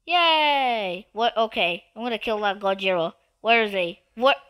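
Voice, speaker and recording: A woman giving live gameplay commentary, excitable and given to repetitive trash talk at other players. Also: mid-range voice, moderate pace, clear, resonant tone. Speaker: gamer.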